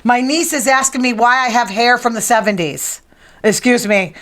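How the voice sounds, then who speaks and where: A woman's voice: a little high, moderate pace, a bit bright. A middle-aged woman hosting a casual news and gossip chat, opinionated and teasing the people in the room. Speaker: podcast host.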